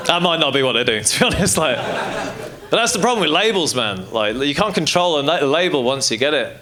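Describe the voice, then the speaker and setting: A man's voice: on the high side, sing-song, fairly quick, a crowd in the background. A male stand-up comedian doing a casual, rambling, profane set on a club stage, full of fillers. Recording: live comedy club with loud audience.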